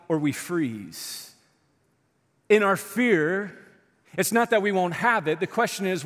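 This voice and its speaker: A man preaching a sermon to his church in an animated, conversational way, acting out quotes as he goes. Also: a little high. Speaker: pastor. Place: church auditorium. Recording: live church sermon with long hall reverb.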